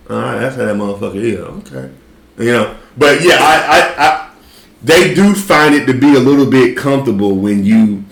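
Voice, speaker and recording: A man in casual chat, telling a story in a relaxed, profane way with frequent laughs. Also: lowish voice, reverberant, poor audio. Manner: laid-back, profane, laughs while telling stories.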